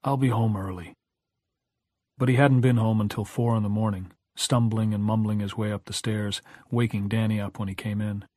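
A man reading a novel aloud as an audiobook narrator, in a measured, even storytelling manner. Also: fairly low pitch, no room sound, clean studio sound. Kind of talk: scripted narration.

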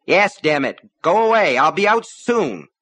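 A man voicing an agitated husband who shouts through a locked door. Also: sits high, sing-song, measured pace, pitched above the performer's own voice, full character voice.

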